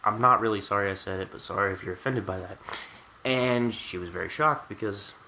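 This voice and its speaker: Male vlogger, low-ish bright voice, candid wry storyteller. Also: a little fast, a little hiss or hum, low-quality recording. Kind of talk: storytime vlog.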